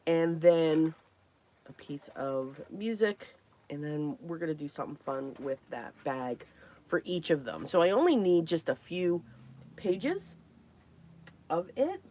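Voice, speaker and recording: A woman hosting a casual crafting livestream, chatty and greeting viewers by name, her voice hoarse and worn from talking, often clearing her throat. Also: low-pitched, expressive, a little slow, mellow. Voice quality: frequent throat clearing and coughs.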